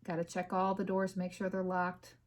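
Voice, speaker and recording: A woman's voice: on the low side, completely flat delivery, moderate pace. A woman hosting her own podcast from her home office, talking casually and venting in a rambling way with lots of fillers. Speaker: podcast host. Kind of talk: casual personal chat.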